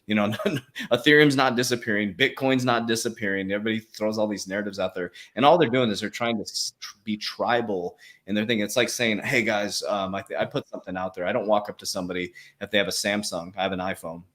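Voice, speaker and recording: Man, casual livestream chat, low-pitched, quick-fire, slangy, laughs easily. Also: steady tone, a bit bright. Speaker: crypto coach, livestream host.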